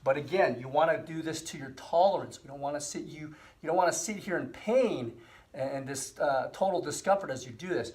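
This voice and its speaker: A middle-aged man hosting a health channel, explaining and demonstrating a hand exercise in a relaxed, repetitive way with frequent fillers. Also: a little high, fairly quick. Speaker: physical therapy host. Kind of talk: casual instructional demonstration.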